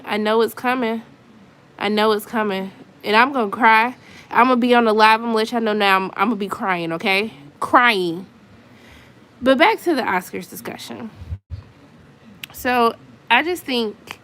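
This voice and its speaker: Woman, higher pitch, casual live-stream vlogger at home, exasperated venting. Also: a bit bright. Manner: venting, exasperated, chatty with asides. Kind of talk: casual chat to viewers. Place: her apartment at home.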